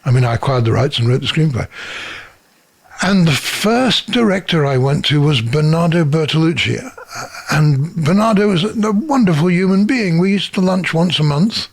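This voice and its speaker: Older man, screenwriter, gravelly husky voice, fairly high pitch, chuckling storyteller, acts out voices. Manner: chuckling raconteur who acts out voices in his anecdotes. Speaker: screenwriter and producer. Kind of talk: interview, anecdotal storytelling. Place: office.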